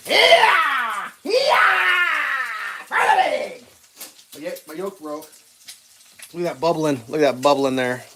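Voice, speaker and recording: A man casually telling rambling dog stories while cooking breakfast on a stream, animated and laughing at his own tales. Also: on the high side, slight background noise.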